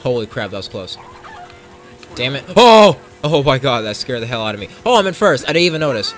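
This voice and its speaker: A young man commentating his racing game run in casual talk, profane and excitable, jumping from yells to low mutters. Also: quick pace. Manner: profane, excitable, swings between shouting and muttering. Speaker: gameplay commentator. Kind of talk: casual let's play commentary.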